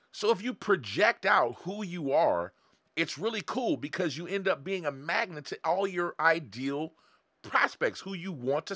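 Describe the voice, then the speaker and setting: Blunt, profane man with a lively, bright voice. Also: fairly high pitch, no echo, clean studio sound. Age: 40s. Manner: profane, blunt, laughing often. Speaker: online marketing coach. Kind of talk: live-streamed motivational talk.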